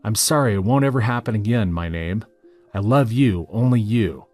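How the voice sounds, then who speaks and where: A man's voice: fairly low pitch, animated, normal speed, a little mellow, faint music behind. A man voicing a tearful young woman who begs her boyfriend, in a pleading way.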